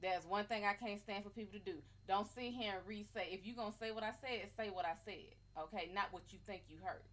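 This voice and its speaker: A woman's voice: mid-range voice, a little fast, few pauses, a bit bright. Blunt, brassy woman tarot reader. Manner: blunt, profane and brassy, calling viewers honey and baby; chatty, greeting viewers by name. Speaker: tarot reader hosting a live stream. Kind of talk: casual livestream chat.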